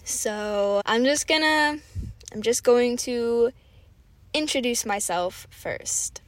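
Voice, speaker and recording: A woman's voice: a little high, slow pace, no room sound. A woman in her twenties with an American accent, hosting a podcast for learners in a chatty, self-deprecating way. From United States. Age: 20s. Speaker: podcast host. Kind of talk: slow, clear podcast talk for learners.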